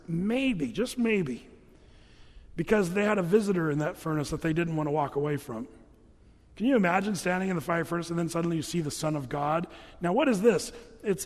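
Man, pastor, conversational humorous sermon, high voice, long church reverb. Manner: conversational, humorous storytelling preacher.

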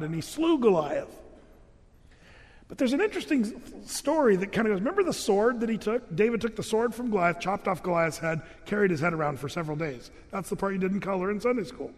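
Preaching a little fast in a high, bright voice, a pastor tells a story with lively energy, slipping into characters' voices with rising pitch. A long reverb from the church hall walls trails his words.

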